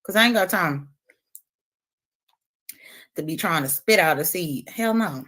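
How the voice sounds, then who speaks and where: A woman's voice: fairly low pitch, a little slow. A woman livestreamer talking casually and brashly, taunting and cursing while she eats a lemon on stream. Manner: animated, talks while eating a lemon. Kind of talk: casual livestream trash talk.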